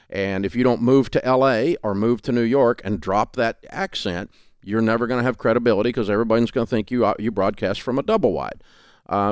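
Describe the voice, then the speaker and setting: A man's voice: mid-range voice, a little mellow, smooth, no room sound, clean studio sound. A man in his sixties with a Southern US accent from Tennessee, speaking as a radio host and author in a remote interview, folksy and emphatic with frequent restarts. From Southern United States.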